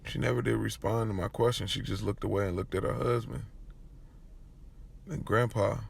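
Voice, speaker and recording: A man narrating a first-person audio drama in a conversational, halting way, with restarts. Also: lowish voice, steady tone, gravelly, breathy edge.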